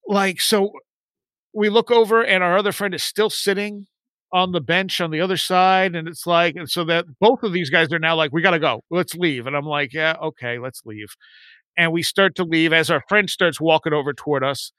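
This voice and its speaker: A man's voice: high voice, moderate pace, clear, resonant tone, no room sound. Chatty man telling a spooky story. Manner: rambling, animated when quoting friends. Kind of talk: casual storytelling on a podcast.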